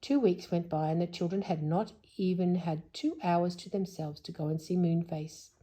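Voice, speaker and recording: Woman reading a children's storybook aloud, low-pitched and mellow, a bit husky, with whispered asides. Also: fairly even intonation, moderate pace. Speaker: storybook reader.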